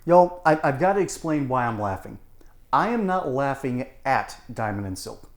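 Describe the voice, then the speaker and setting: Animated sarcastic male commentator, roomy echo. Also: medium pitch, normal speed, slight background noise. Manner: animated, sarcastic, laughs often. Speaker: political commentator. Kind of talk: online political commentary.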